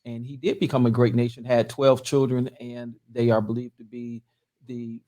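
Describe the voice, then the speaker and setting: A man who is a pastor and guest on the show, explaining a Bible story in a steady, storytelling way. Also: medium pitch, normal speed.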